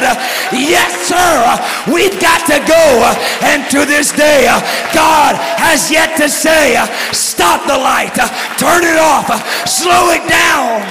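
Texan preacher, very high voice, shouts his lines in rhythm with "uh" fills, reverberant sanctuary with a noisy congregation. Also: gravelly. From Texas. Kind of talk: sermon. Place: church sanctuary. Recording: echoey church hall with congregation noise.

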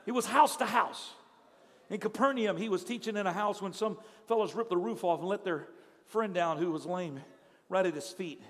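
A male pastor preaching a sermon in a dramatic storytelling manner, swinging from hushed tones to shouts. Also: fairly high pitch. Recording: long hall reverb, faint crowd.

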